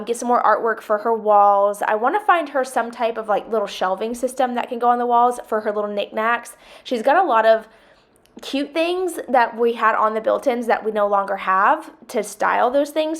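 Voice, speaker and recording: A woman's voice: on the high side, a little fast. Chatty woman vlogger. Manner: chatty, rambling, with many fillers. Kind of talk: casual home vlog chat.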